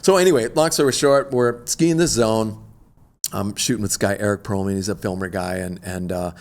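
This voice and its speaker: A middle-aged man, an extreme athlete guest, telling a story in an animated, slangy, laid-back way. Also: fairly low pitch, a little fast. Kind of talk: casual storytelling interview.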